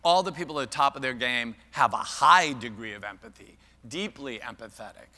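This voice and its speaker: Older guy doing a keynote, really bright voice, jokey with the crowd, big hall echo. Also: medium pitch, animated, fairly quick. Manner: playful, teasing the audience, self-mocking about age. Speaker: keynote speaker. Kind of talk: interactive keynote talk. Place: large conference hall. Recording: long hall reverb.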